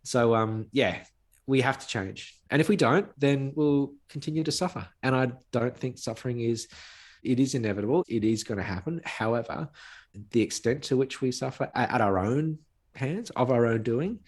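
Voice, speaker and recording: A man's voice: mid-range voice, normal speed. A man, a guest on a podcast, speaking earnestly in conversation and stressing points by repeating phrases. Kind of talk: conversational interview.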